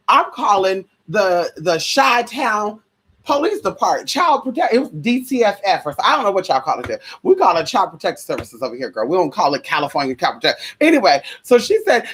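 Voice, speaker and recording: Animated, husky-voiced ranting woman. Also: mid-range voice, a little fast. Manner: profane, heated, sassy; repeats rhetorical questions. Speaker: vlogger. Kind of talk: ranting monologue to viewers.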